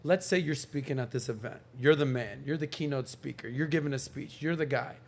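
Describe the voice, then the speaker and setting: A man's voice: medium pitch, brisk. A man hosting a podcast in casual chat, telling stories and acting out the people he quotes. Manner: animated storyteller who acts out quoted voices. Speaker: podcast host.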